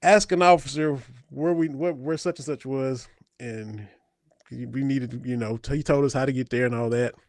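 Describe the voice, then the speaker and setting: A man's voice: medium pitch, normal speed, dry recording. Kentucky-accented man, dry close sound. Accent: southeastern Kentucky. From southeastern Kentucky. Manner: storytelling, folksy, animated. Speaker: podcast co-host. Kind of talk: casual chat.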